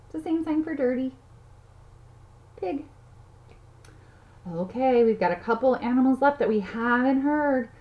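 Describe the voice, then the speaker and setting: A woman's voice: high-pitched, unhurried, long pauses. A woman giving a playful lesson to toddlers, counting aloud and making animal sounds in a sing-song way. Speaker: children's teacher. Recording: slightly dull audio, faint noise.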